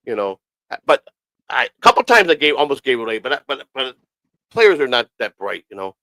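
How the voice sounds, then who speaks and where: A man spins a loose, profane story at a rapid clip, circling back and repeating lines as he goes. His voice sits in a middle pitch, and the recording is dry and close with no room sound. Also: lively intonation, gravelly, a bit bright, no echo, rough recording. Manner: profane, rambling, repeats himself. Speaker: podcast host. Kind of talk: casual storytelling.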